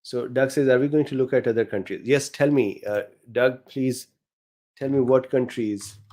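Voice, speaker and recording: A man's voice: medium pitch, moderate pace, mellow. A middle-aged man with a non-native English accent hosts a casual live session, reading viewer questions aloud and answering them with frequent fillers.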